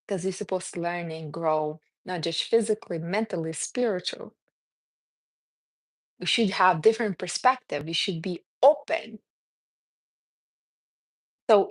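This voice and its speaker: A woman speaking English as a second language, with a non-native accent, giving a casual motivational talk and calling her listeners honey. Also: medium pitch. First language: not English. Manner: animated, calls listeners honey. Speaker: self-help speaker.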